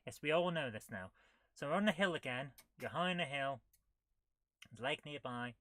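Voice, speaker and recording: A woman's voice: very deep voice, lively intonation, moderate pace, a bit bright. A woman hosting a retro gaming stream, reading the game's text aloud and adding wry, dry asides as she plays. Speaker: host of a retro gaming channel. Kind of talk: live gameplay commentary.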